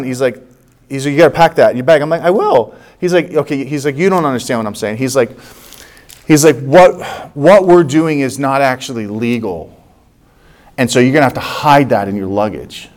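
A man in his forties from the United States, a pastor telling a personal story in a sermon, animated and acting out the dialogue. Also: medium pitch.

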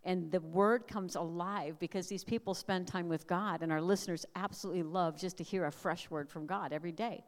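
Middle-aged woman preaching, lowish voice, earnest and measured, big echoey hall. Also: fairly even intonation. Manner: earnest, prayerful, measured cadence with emphatic repeated lists. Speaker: speaker at a family camp, radio host. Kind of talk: sermon with personal testimony. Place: large hall. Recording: long hall reverb.

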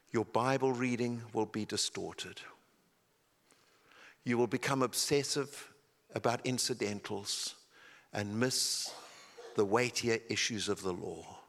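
A man preaching a sermon, telling a story dramatically and then dropping to a hushed, intense delivery. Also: mid-range voice. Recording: long reverb of a large hall.

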